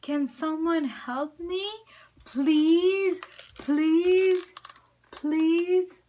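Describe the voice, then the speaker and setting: Lady doing a tiny bluebird in a storybook, high and begging, drawn out slow. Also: animated. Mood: pleading. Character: small pleading bluebird stuck in a tree.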